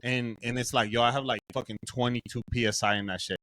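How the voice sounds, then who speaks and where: A young Southern California man co-hosts a podcast, telling a profane story in casual chat and acting out what everyone said, quoting himself with animation. His voice is mid-range and his pace quick.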